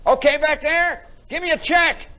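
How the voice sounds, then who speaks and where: A man's voice: very high-pitched, steady tone, normal speed, pushed and bright, pitched above the performer's own voice. A man playing an army lieutenant who gives curt, commanding orders, on a dull 1960s radio recording. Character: barking male army lieutenant, pilot in charge.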